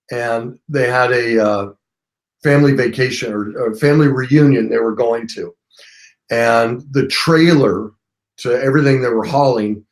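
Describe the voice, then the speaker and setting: A man at an average pitch tells a story to his live audience in a relaxed, conversational way. He replays the back-and-forth of a conversation and leans on the key words. It sounds like a host talking straight to his viewers on a live stream. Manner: conversational, retells dialogue with emphasis. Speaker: host of a live call-in show.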